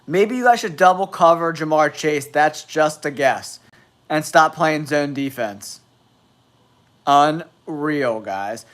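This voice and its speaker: A man's voice: on the high side, lively intonation, slow, a bit bright. A man with a nasal voice from a cold, hosting a live football stream with blunt, exasperated commentary. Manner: blunt, exasperated trash talk. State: has a cold.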